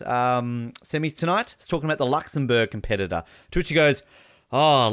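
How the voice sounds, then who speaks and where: An Australian man co-hosting a podcast talks in a mid-range, clean voice with close, dry sound and no room noise. Recapping sports in casual chat, he rambles animatedly and laughs.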